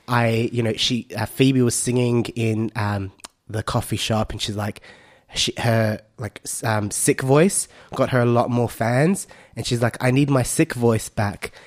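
A radio co-host with a raspy, hoarse voice from being sick, chatting casually and rambling with lots of fillers. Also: female voice, extremely low pitch, fairly even intonation, unhurried.

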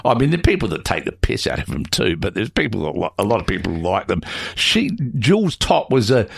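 A man's voice: fairly low pitch, wildly swooping pitch, brisk, vocal fry, husky. A male radio host chatting casually in the studio, often rambling and tripping over his words.

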